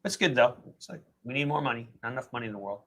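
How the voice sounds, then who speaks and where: Man, live stream co-host, bright tense tone, opinionated, rambling. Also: medium pitch, animated, rapid-fire. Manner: opinionated, rambling explanations with fillers. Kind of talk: casual live chat.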